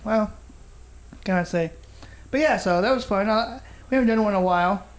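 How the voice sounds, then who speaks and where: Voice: mid-range voice, brisk. Rambling, jokey podcast host. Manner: rambling, jokey, swears a lot. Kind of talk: casual chat.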